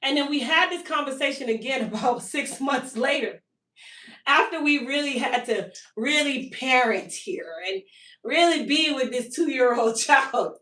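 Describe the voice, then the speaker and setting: A woman, hosting a live stream for her hair care business and telling a long-winded, animated story about her toddler. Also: high voice, unhurried, distant mic. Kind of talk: casual live-stream sales chat. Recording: echoey room, voice a bit off-mic.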